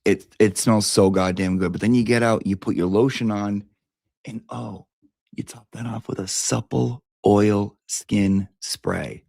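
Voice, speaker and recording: A man's voice: fairly low pitch, fairly even intonation, a little slow, gravelly, darkish tone, dry recording. A man giving a brash, profane, theatrical comic review of beauty products.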